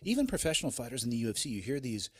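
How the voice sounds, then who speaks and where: Casting: fast husky male podcast host, emphatic. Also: mid-range voice, very animated. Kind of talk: casual interview talk.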